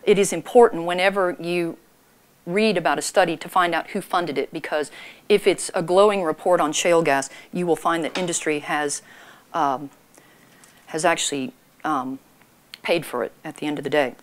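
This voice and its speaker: A middle-aged woman, hoarse from a cold, giving a measured talk to an audience with dry, pointed asides. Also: on the low side. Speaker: public speaker.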